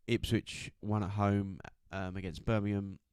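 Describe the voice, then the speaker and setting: A man co-hosting a football podcast, giving a steady roundup of results. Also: fairly low pitch, measured pace, smooth, no room sound, studio quality. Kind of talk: casual chat and news roundup.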